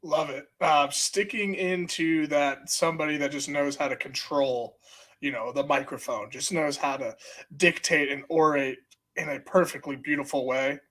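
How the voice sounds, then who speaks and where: A man co-hosting a sports podcast in a studio, talking loud and excitable, swearing and laughing now and then. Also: fairly high pitch, moderate pace. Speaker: podcast co-host. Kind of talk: casual sports chat.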